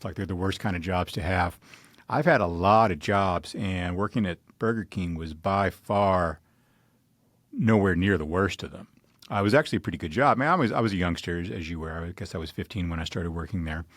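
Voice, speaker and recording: A man hosting a podcast, chatting easily and telling stories in a relaxed, conversational way. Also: low voice, dry recording, studio quality. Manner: easygoing, conversational storytelling. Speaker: podcast host. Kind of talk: casual conversation.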